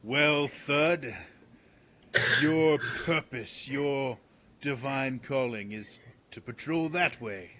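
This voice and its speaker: A man's voice: mid-range voice, extremely slow, fairly bright tone, voice pushed up. A man voicing a pompous, self-important male guard captain who declaims grandly.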